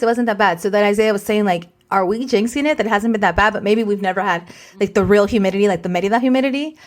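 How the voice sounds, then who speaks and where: A woman in her forties co-hosting a podcast, telling a story in casual chat and dropping in Spanish words. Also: medium pitch. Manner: animated, mixes in Spanish words. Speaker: podcast co-host.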